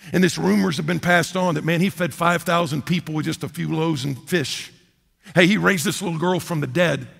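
A man preaching a sermon, swinging between loud emphatic peaks and low, quiet asides. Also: gravelly, slightly rough. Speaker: pastor. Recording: long hall reverb.

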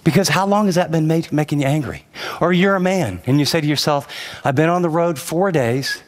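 A middle-aged man preaching a sermon as pastor, telling a story from his marriage and then exhorting with rising intensity. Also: a little fast. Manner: earnest, storytelling preacher who rises in pitch when exhorting. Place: large church auditorium. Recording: long hall reverb.

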